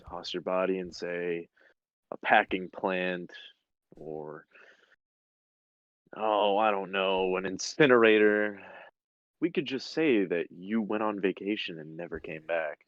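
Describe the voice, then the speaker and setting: A man playing a cold male interrogator who threatens a captive slowly and formally. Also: sits low, no room sound, muffled recording. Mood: smug threat. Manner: slow, threatening, mock-formal.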